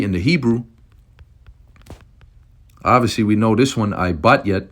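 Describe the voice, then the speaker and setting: A man's voice: on the low side, unhurried, a bit bright. A man preaching on scripture in a heated, profane way, often ending phrases with "man". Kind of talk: fiery scripture study talk.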